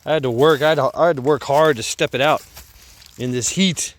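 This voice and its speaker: A man's voice: on the high side, fairly quick. A man out of breath, chatting casually and laughing at himself as he records a vlog on his phone while walking outdoors by a creek. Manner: laid-back, rambling, laughs at himself. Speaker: vlogger. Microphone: phone held while walking.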